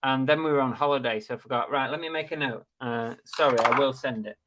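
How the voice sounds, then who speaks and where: A man co-hosting a casual live chat, dry and deadpan, grumbling in mock complaint. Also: mid-range voice, fast talker, slight background noise. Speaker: co-host of a reselling live stream.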